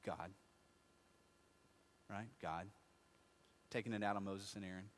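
A man preaching a sermon, asking his congregation questions and answering them himself, moving between quiet asides and loud, impassioned stretches. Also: sits low, fairly even intonation, a little slow, a little hiss or hum. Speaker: pastor. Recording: long reverb of a large hall.

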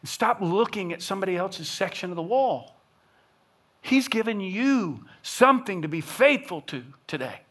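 A man's voice: sits high, animated, normal speed, a bit bright. A middle-aged man preaching a sermon as pastor, earnest and building to impassioned emphasis, often restarting words as he pushes a point.

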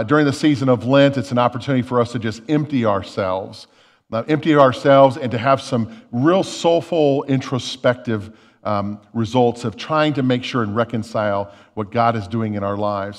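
Man preaching in an echoing church. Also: mid-range voice. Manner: conversational, repeats words while thinking, tells a joke story. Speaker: lead pastor. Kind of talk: sermon.

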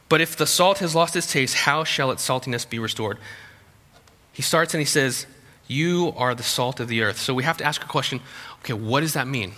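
Bright-voiced man preaching in a reverberant hall. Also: fairly high pitch. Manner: conversational preaching with frequent restarts and humorous asides. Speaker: pastor. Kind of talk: sermon.

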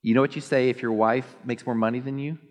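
A male pastor preaching a sermon in an animated, joking way, often mimicking others in a high voice. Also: fast talker. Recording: long hall reverb.

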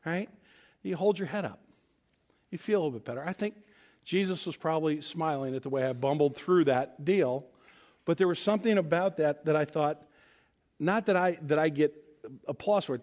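A man from Missouri preaches a sermon in a fairly high voice. He makes emphatic points and acts out the dialogue of the people in his stories. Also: a little fast, a little mellow. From Missouri, USA. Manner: storytelling with acted-out dialogue, emphatic. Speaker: pastor.

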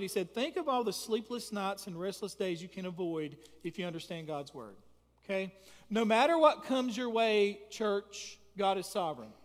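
A man preaching a sermon and leading prayer as pastor, emphatic and repetitive, building to loud peaks. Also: sits high, in a large hall. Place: church sanctuary.

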